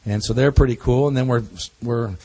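A man's voice: mid-range voice, steady tone, a little fast, a little mellow, breathy edge. A man speaking as a pastor to a congregation, telling stories in a folksy, joking way. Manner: folksy, jokey storytelling with laughs. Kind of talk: church talk to a congregation.

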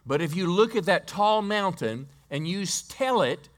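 A man's voice: sits high, lively intonation, moderate pace. A male pastor preaching a sermon in a church, telling a story and quizzing the congregation, often restarting his words.

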